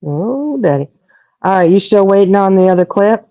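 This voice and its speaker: Middle-aged lady telling stories on a stream, mellow voice, kinda lo-fi dull audio. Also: mid-range voice, fast, clean tone, no echo. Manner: chatty storyteller, animated quoting. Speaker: co-host. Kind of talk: casual chat on a livestream.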